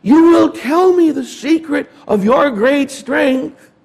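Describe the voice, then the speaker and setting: Give me a nagging young woman temptress, as a preacher acts her out in a high, slow whine. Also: vocal fry, a little mellow, exaggerated voice. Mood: wheedling. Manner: whining, pleading.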